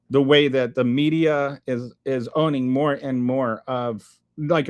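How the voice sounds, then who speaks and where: A man hosting a live stream, reading chat aloud and answering with sarcastic, rambling commentary full of restarts. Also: medium pitch.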